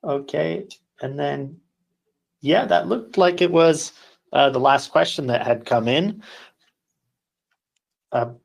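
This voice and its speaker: Gravelly guy moderating an online class, slightly high voice, casual. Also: slow, long pauses. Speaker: webinar moderator. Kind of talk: moderating a webinar.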